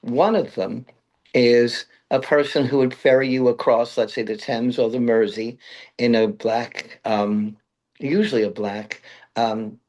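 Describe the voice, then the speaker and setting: A man's voice: mid-range voice, steady tone, measured pace, a little mellow. A man from Brooklyn, a guest in an interview, telling long rambling anecdotes and laughing at his own stories. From Brooklyn, New York. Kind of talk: interview conversation.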